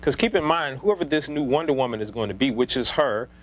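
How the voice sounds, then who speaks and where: A man's voice: mid-range voice, expressive, fairly quick, low-quality recording. Rambling man giving movie opinions. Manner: rambling, many ums and restarts. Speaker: movie commentator. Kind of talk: casual unscripted opinion vlog.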